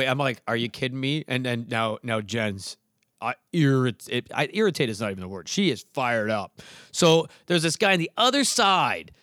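A man's voice: mid-range voice, no room sound, studio quality. A man telling a story in casual chat, acting out the voices and laughing as he goes. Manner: animated, acts out voices, laughs through the telling.

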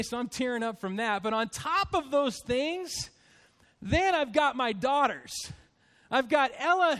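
A man in his fifties, a pastor addressing his church congregation in a heartfelt, halting way, choked up with emotion. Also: very high-pitched, fairly bright tone.

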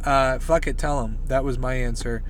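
A man hosting a podcast, talking in a rambling, deadpan comedic monologue from inside his parked car. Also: medium pitch, normal speed. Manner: rambling, deadpan, with asides to listeners. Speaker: podcast host.

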